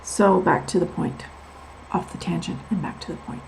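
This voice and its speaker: A woman's voice: on the low side, moderate pace, gravelly, darkish tone, slight background noise, low-quality recording. A woman telling her own story in a vlog, candid and emphatic, repeating words for stress and drifting onto tangents. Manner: candid and confiding. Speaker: vlogger sharing her medical experience.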